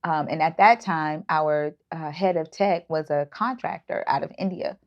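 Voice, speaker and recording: A woman's voice: low-pitched, normal speed. Brief: woman, 30s, earnest guest on a video call, muffled lo-fi audio. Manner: earnest, with frequent fillers and restarts. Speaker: startup founder and guest. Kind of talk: casual interview talk. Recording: dull lo-fi audio.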